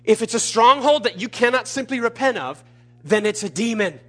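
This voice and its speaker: A man preaching a sermon, emphatic and repetitive, building to loud peaks. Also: very high-pitched, lively intonation, normal speed. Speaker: pastor.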